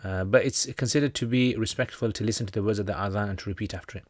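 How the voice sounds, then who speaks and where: His fairly low voice stays fairly even in intonation as he talks very fast, with no room sound. He is a British man teaching Islam, casually taking viewer questions on a livestream, joking and chatting with many fillers.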